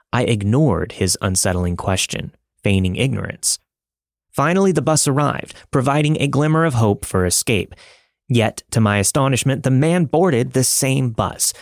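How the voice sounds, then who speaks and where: A man narrating a listener's scary story in a dramatic, measured way, recorded close to a studio mic. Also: medium pitch, no room sound. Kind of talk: scripted narration of listener stories.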